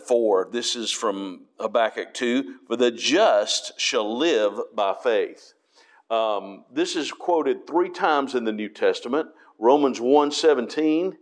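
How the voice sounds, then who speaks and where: A man preaching a Bible study, reading verses aloud and explaining them with frequent restarts. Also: medium pitch.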